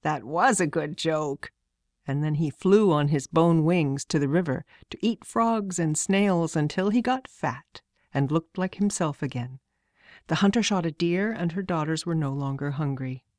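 A woman reading a fantasy novel aloud as narrator, in a measured, steady storytelling manner. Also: sits low, no echo, studio quality. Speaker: audiobook narrator. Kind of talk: scripted narration.

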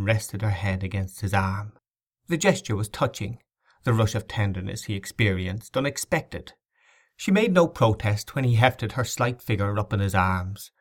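A man narrating an audiobook novel in a measured, dramatic reading. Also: lowish voice.

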